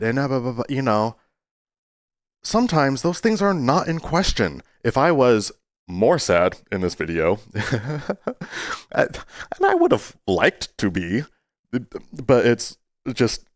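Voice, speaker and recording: A man talking to his viewers in a casual, rambling way, earnest but playful, with sudden jumps into a high voice. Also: sing-song, unhurried, no echo, studio quality. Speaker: YouTuber. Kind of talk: casual talking-to-camera monologue.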